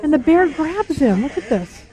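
A middle-aged woman teaching a women's Bible study, earnest and animated, repeating words for emphasis. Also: high-pitched, moderate pace.

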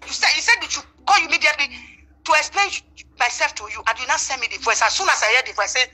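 Emphatic Nigerian woman, high and fast. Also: animated, bright, forceful tone. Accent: Nigerian Pidgin English. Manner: emphatic and repetitive, swearing oaths. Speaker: interviewee denying a voice recording. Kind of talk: phone interview.

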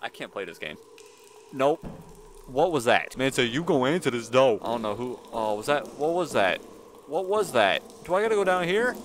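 A man's voice: medium pitch, very animated, moderate pace, fairly bright tone, a little hiss or hum. A young man, chatting nervously while he plays a horror game. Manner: chatty, nervous, talks to himself while playing. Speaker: gaming YouTuber. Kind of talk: casual horror game commentary. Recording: game music behind voice.

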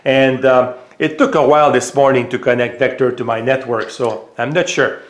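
A man with a French accent, casually demonstrating a gadget at home, hesitant with many filler pauses. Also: medium pitch, steady tone, echoey room. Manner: raises voice for voice commands. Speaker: tech reviewer. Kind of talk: casual product demo. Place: home room.

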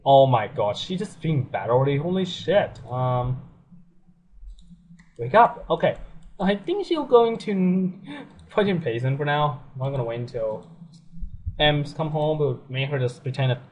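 A young man giving casual, excitable commentary on a life-sim game, laughing often and swearing freely. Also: on the high side, unhurried, pauses often, a little hiss or hum. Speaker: let's play gamer.

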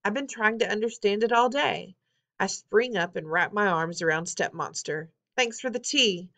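A woman reading a novel aloud in an expressive, wry first-person storytelling manner. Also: medium pitch, normal speed, creaky. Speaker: audiobook reader.

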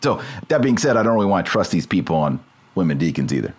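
A podcast host with a deep, husky voice speaks quickly and very animatedly. Talking through a subject in a casual discussion, he thinks aloud and checks his terms mid-sentence.

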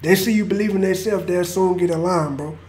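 A man's voice: high voice, brisk, noisy background. Slangy young man hyping a rapper. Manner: laid-back slangy hype, calls people bro. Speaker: reaction video host. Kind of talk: casual reaction commentary.

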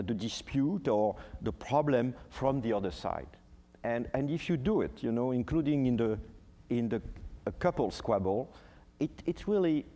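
A man's voice: medium pitch, in a large hall. A man in his sixties with a French accent, speaking as a guest ambassador in a panel conversation, hesitant with many fillers. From France. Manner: hesitant, animated storytelling with frequent fillers.

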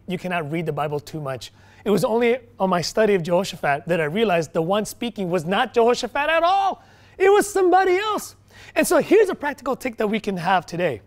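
Preaching from the pulpit, this man alternates soft, low-pitched stretches with sudden loud, emphatic bursts, frequently starting his phrases over.

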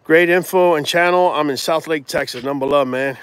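A dog breeder hosting a casual livestream from his yard, answering viewer comments in a relaxed, chatty way with lots of "man" and "bro.". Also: a little high, brisk, hardly any pauses, clean tone, dry recording. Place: outdoors in a yard with dogs.

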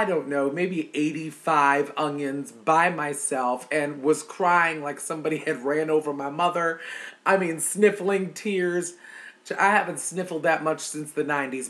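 A woman's voice: deep voice, a bit bright. Chatty woman vlogger saying y'all. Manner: chatty and heartfelt, addresses viewers as y'all. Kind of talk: casual chat to camera.

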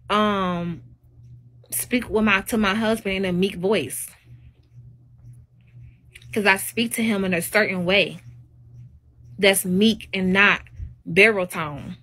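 A woman speaks straight to her live-stream audience in a casual, opinionated monologue. Her voice is bright and sharp-edged, set at a middling pitch. She talks emphatically and preachily, and her exclamations climb upward. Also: steady tone, slow, pauses often.

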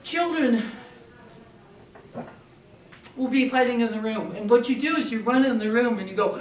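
A woman's voice: a little high, moderate pace, pauses often, far from the mic, a little hiss or hum. Older woman telling parenting stories, echoey. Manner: animated, acts out children's voices. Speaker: parenting speaker. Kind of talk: storytelling talk to an audience.

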